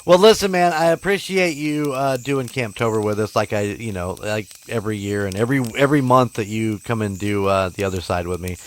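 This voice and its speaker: Low-voiced laughing podcast host. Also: male voice, a little fast, hardly any pauses. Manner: laughs often, agreeable filler. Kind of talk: casual chat.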